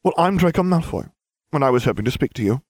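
A man's voice: mid-range voice, animated, quick pace, darkish tone, no room sound, studio quality, voice pushed up, close to an everyday voice. A man voicing a snobbish, arrogant rich boy with a haughty, disdainful manner.

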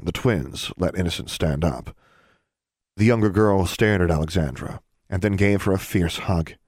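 Deep-voiced male audiobook narrator. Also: darkish tone, no echo, studio quality.

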